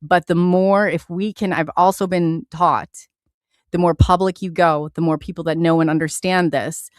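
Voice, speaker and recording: A woman with a low voice hosts a live online radio show, speaking with impassioned earnestness and restarting often. The studio sound is clean, with no echo.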